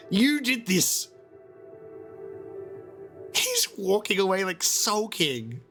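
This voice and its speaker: A man's voice: high-pitched, huge pitch swings, drawn-out words, pauses often, pushed and bright, faint music behind. A man reacting to a video game as a let's-play host, exasperated and rambling, often swearing.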